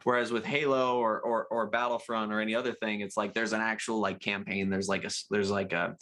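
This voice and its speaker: A man's voice: fairly low pitch, level tone, brisk, fairly bright tone. A young man chatting casually as a podcast guest, rambling and laughing at himself. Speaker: guest, gaming channel co-host.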